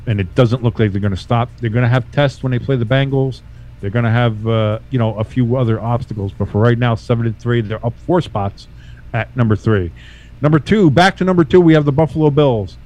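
A man hosting a casual sports podcast, talking loosely and profanely with bursts of animated emphasis. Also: mid-range voice, dull audio. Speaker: podcast host.

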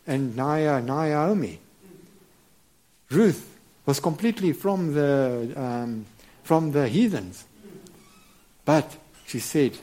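A middle-aged man preaching a sermon, halting and earnest, with many repeated words and restarts. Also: on the high side, mellow. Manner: earnest and reverent.

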